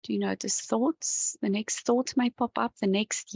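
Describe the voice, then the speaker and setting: A woman coach gently talking viewers through an EFT tapping session, yawning and sighing as she relaxes. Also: a little high, a little slow, vocal fry, slightly rough, no echo, rough recording. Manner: gentle, calm, talks the viewer through each step. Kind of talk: guided tapping session to camera.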